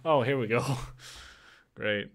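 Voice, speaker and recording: A man's voice: medium pitch, slow pace. Young man rambling on a casual podcast. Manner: rambling, many fillers and restarts. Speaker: podcast host. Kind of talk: casual chat.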